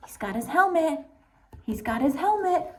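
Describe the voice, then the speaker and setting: A woman's voice: sits high, expressive, normal speed, darkish tone, a little hiss or hum. A woman reading a picture book aloud to children, playful and breaking off for asides to her young listeners.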